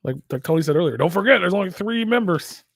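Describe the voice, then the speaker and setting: Gravelly fast-talking man, sarcastic banter. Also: sits high, dry recording. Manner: joking, sarcastic, deadpan. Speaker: co-host. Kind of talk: casual profane banter. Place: radio studio.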